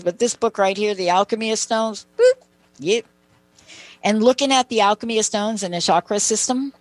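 A woman's voice: mid-range voice, no room sound, poor audio. A woman hosting a talk show, telling personal stories in a chatty way and making asides to her co-host. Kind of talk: conversational storytelling.

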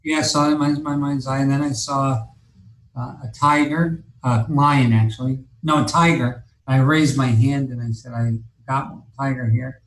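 A man spins a long personal tale as a guest, swearing freely and circling back with "uh" and "and, and" as he goes. His mid-pitched voice carries a roomy echo, as if the room around him is bare. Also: fairly even intonation, normal speed. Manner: rambling, profane, many fillers and restarts. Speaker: interview guest. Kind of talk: casual storytelling.

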